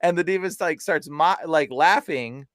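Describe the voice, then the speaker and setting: A man's voice: on the high side, moderate pace, dry recording, studio quality. A man who is a podcast guest and deliverance minister, telling stories casually and animatedly, acting out the people he quotes. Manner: animated, retells stories with quoted voices and laughs. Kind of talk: casual storytelling.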